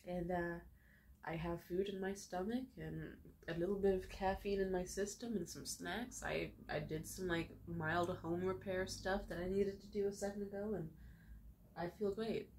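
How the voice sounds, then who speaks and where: A woman's voice: lowish voice, fairly even intonation, moderate pace, darkish tone, a little hiss or hum. A young woman vlogging at home, crying happy tears and gushing about her gratitude to her viewers, laughing through it. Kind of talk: emotional direct-to-camera vlog. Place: home room.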